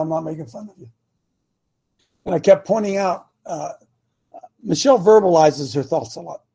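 This older man hosts a call-in show and talks like a preacher. His voice sits high with a husky edge, and he pushes his points with repeated rhetorical questions. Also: warm tone. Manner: emphatic, rhetorical questions, sermon-like. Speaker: talk show host.

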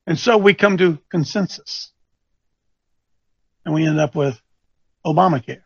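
A man coaching an audience, speaking in an animated, teasing way that quizzes listeners with questions and thinks aloud. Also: a little high, a little slow, vocal fry, pauses often, breathy edge, no room sound, dull audio. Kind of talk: lecturing talk with rhetorical questions.

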